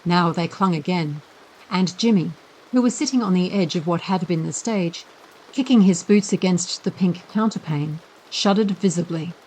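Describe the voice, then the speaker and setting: A woman reading a classic children's fantasy as a slow, gentle bedtime audiobook. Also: fairly low pitch, breathy edge, poor audio. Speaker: narrator.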